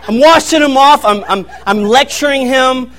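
A young man preaching a sermon, telling a family story in an animated way and laughing as he goes. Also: very high-pitched, moderate pace. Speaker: pastor.

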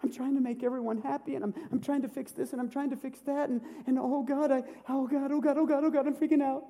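A worried male churchgoer spirals into panic, his voice thin and high, words tumbling out in a rush, as a preacher acts him out. He sounds close to tears, repeating himself frantically. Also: little pitch movement, fast, dark tone, in a large hall. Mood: distraught. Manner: fretful, rising into frantic repetition.

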